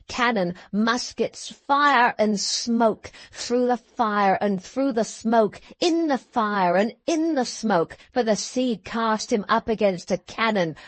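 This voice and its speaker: A female audiobook narrator with a fairly high voice, reading at a slow, deliberate pace. The sound is close and dry, with no room around it. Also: no room sound. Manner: steady, measured storytelling. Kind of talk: scripted narration.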